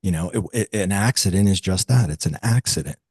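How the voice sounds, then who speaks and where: Speaking fairly quickly, this man's deep voice carries a breathy edge with no echo. He is in his fifties, a metaphysical teacher sharing a personal story as a guest, thoughtful overall but animated when quoting others.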